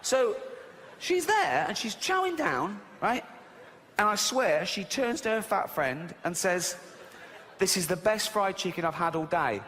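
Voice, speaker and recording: A man performs stand-up on a big live stage, his voice high and bouncing all over as he rants and slips into mocking voices. The hall adds a long tail of reverb, with faint room noise under it. The audience laughs along. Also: unhurried. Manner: animated ranting, mimicking silly voices. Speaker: stand-up comedian. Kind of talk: stand-up routine. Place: live stage in a large venue.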